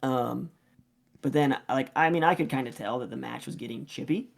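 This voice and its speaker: Animated man telling coaching stories. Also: medium pitch, normal speed, creaky. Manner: animated storyteller, acts out quoted lines, many fillers. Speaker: youth wrestling coach. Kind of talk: casual podcast storytelling.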